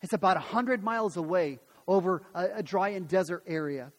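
A pastor preaching a sermon and retelling a Bible story, acting out the voices of its people in a lively way. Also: male voice, high voice, a little fast, in a large hall. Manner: animated storytelling, acts out voices.

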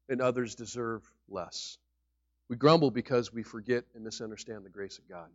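A man preaching a sermon as pastor, emphatic, with sudden loud peaks on key words. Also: mid-range voice, moderate pace, no room sound. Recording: dull lo-fi recording.

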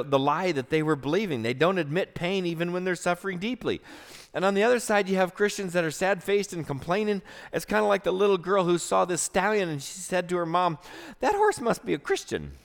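Brief: male pastor, fairly high voice, earnest storytelling sermon, long hall reverb. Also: brisk. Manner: storytelling, earnest, shifts between loud and hushed.

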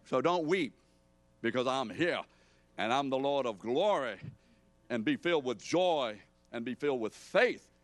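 A man preaching a sermon puts on a slangy, upbeat, high-pitched voice for a casual, brotherly man consoling a grieving sister. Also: lively intonation, unhurried, no echo, lightly acted. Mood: breezy.

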